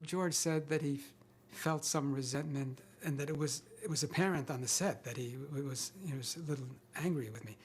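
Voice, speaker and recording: A man's voice: fairly high pitch, a little fast, few pauses, slight background noise. An older man, an actor guest in an interview, telling self-deprecating anecdotes with hesitant restarts.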